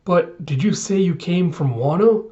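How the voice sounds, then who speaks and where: A man voicing a gentle, mysterious young woman from a comic with a raised pitch. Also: a little slow, highs cut off. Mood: pleading.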